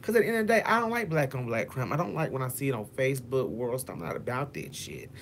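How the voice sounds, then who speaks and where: Guy doing a storytime vlog, talks to y'all, cusses a lot, acts out voices, faint rumble behind. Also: big pitch swings, fast talker, creaky. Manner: profane, dramatic, addresses viewers as y'all; acts out quotes in shifting voices.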